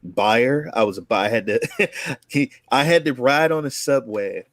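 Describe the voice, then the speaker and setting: Medium-pitched and a bit bright, this man's voice has lively intonation and an unhurried pace, with no room sound. He's a content creator in his forties from Oakland, California, telling his life story as a guest in a rambling, casual style with many restarts and acted-out quotes.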